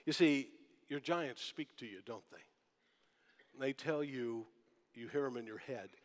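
A man's voice: medium pitch, a little slow, long pauses. A man preaching a sermon as pastor, talking in a conversational way and asking the congregation rhetorical questions. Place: church sanctuary. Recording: long church hall reverb.

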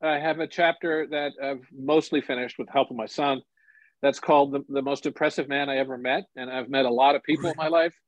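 A man in his sixties, a journalist and author, telling stories and reflecting in a relaxed interview conversation. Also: mid-range voice, fairly quick, no echo. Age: 60s. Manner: storytelling, animated, relaxed and reflective. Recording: dull lo-fi sound, dry.

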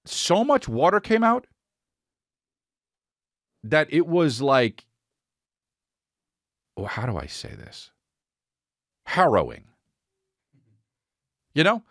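A man hosting a podcast, telling a comic story in an animated, rambling, profane way. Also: a little high, slow pace, long pauses, dry recording, studio quality. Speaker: podcast host.

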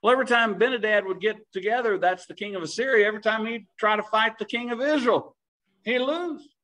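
A man preaching a sermon in a church, talking in a conversational way and slowing down to stress key phrases. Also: sits high, sharp tone, low-quality recording.

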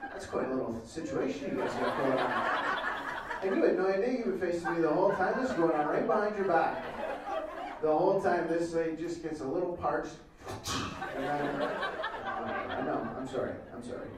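A male comedian doing improvised crowd work, teasing audience members in a playful, quick banter. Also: on the high side, lively intonation, very noisy. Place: event hall with a laughing audience. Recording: roomy, distant mic with loud crowd laughter.

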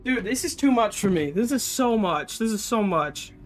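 A man's voice: high-pitched, animated, normal speed. A young man streaming live, giving jittery, panicky commentary as he plays and talks to his chat.

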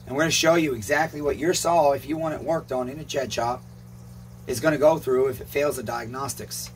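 A man's voice: medium pitch, fairly even intonation, fairly quick, slight background noise. A man who runs a repair shop, talking in a rambling casual vlog, emphatic and swearing often. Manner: emphatic, swears often, calls viewers "neighbors". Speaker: chainsaw repair shop owner and channel host.

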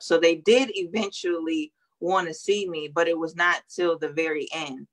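A young woman with a low voice speaks over a video call. She is earnest and hesitant, with frequent ums, as she recounts her experience as an interview guest. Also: steady tone, moderate pace, hardly any pauses. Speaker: guest, nurse sharing her story. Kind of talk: emotional interview testimony.

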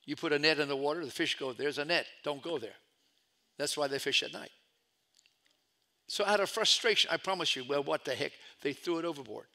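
A middle-aged man preaching a storytelling sermon as pastor, swinging from loud calls to hushed asides. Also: fairly high pitch, a little fast, gravelly.

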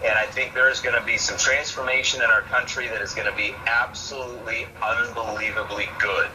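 A man's voice: medium pitch, fairly even intonation, brisk. Upbeat author guy on a call-in, mid voice, noisy line. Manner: upbeat, enthusiastic. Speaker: author guest. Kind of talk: call-in guest talk.

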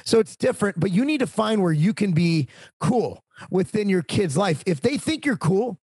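Brief: talkative man in his forties, a bit high-pitched, husky, dry close sound, casual stories. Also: moderate pace, no echo. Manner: talkative, animated, swearing. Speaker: podcast guest. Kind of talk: casual storytelling.

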